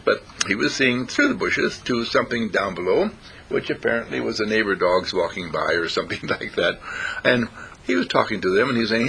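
A man telling rambling, playful stories in a casual talk, clearing his throat often. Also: on the low side, animated, a little fast, bright, forceful tone. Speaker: speaker.

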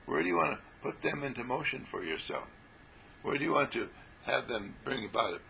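Gravelly, lively man giving a spiritual talk. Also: medium pitch, fairly quick, slight background noise, low-quality recording. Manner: animated, acts out little quoted scenes, laughs often. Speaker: spiritual teacher. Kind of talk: spiritual talk to a small group.

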